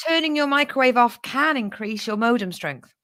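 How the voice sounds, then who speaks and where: Animated laughing woman co-host. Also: a little high, moderate pace, a little hiss or hum. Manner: animated, laughing, swearing, rambling. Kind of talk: casual comedic news chat.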